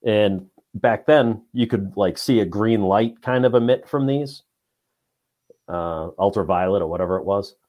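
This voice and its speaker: A man in casual chat, telling a ghost story in a relaxed way with lots of "you know" fillers. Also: on the low side, measured pace. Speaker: podcast guest.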